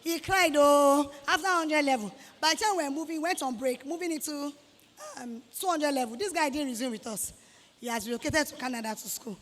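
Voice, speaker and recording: A woman with a Nigerian accent giving an animated motivational talk to students, scolding them and acting out quoted voices. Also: high-pitched, fairly quick, long reverb tail. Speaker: guest speaker to students. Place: hall with students.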